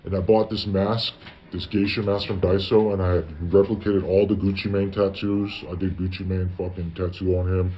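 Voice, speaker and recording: A man's voice: sits low, level tone, moderate pace, a little mellow. A man telling a long, casual story. He swears a lot and quotes himself with "I was like". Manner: profane, tells stories with lots of "I was like" quoting. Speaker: guest telling his story. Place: parents' garage. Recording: dull lo-fi audio with faint background noise.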